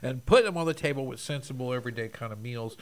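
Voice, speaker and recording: A man's voice: medium pitch, very fast. A man from Texas chatting casually as co-host, rambling with lots of fillers and restarts. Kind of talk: casual chat.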